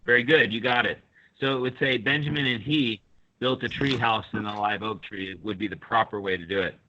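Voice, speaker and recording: A man's voice: lowish voice, brisk, sharp tone, muffled recording. Patient male teacher on a call. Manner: patient, explains step by step, calls on students. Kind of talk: online class lesson.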